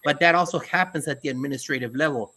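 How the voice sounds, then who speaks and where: A man with a bright, forceful tone and a slightly higher-than-average pitch co-hosts an education talk show. He speaks emphatically and leans on folksy sayings to make his points. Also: fast talker. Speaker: podcast co-host, school administrator. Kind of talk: casual conversational talk.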